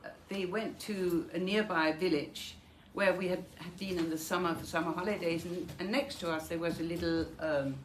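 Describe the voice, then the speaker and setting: An older woman from Denmark speaks on the low side at normal speed, with a steady tone and few pauses. As a Holocaust survivor giving a memoir talk, she vividly relates her own wartime memories and performs the dialogue. The room sounds echoey, with faint noise.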